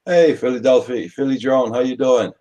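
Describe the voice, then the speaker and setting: A man's voice: mid-range voice, normal speed, warm tone, muffled recording. A man co-hosting a live drone chat stream, friendly as he welcomes viewers and sends them off.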